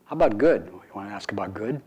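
A man's voice: fairly low pitch, fast, slightly rough, low-quality recording. Man giving a playful dharma talk. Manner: relaxed, playful, with wry asides. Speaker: meditation teacher.

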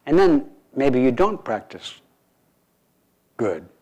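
A man, a meditation teacher, giving a relaxed dharma talk to a group with playful, wry asides. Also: medium pitch, slow, breathy edge, low-quality recording.

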